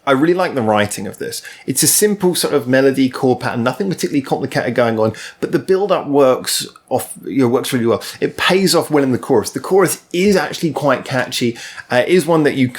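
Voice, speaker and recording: A man hosting his own channel, giving a casual spoken music review in a rambling, chatty way with lots of ums and restarts. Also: medium pitch.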